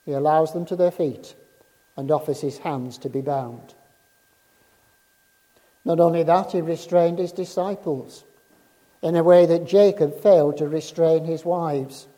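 With slow, careful delivery, a man gives a sermon in a hall whose long reverb hangs on his words. The voice is mellow and deep in tone, though pitched a touch above most men's, and it stays steady; on important phrases he lowers it to a quiet hush, emphasizing with restraint.

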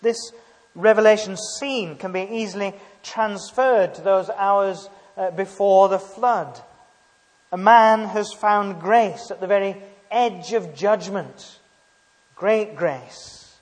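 A man preaching a sermon, emphatic and halting, often asking rhetorical tag questions. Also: high-pitched, long reverb tail.

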